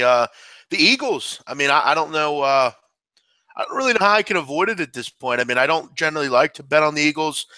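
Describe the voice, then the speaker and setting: A man's voice: on the high side, pushed and bright, dry recording. A man breaking down a football team in casual sports analysis, talkative and often saying "I mean". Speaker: sports bettor.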